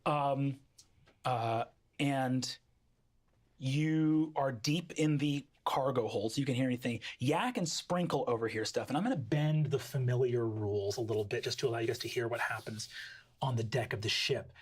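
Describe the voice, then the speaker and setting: A man narrating a tabletop game as game master, casual and halting. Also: medium pitch, breathy edge.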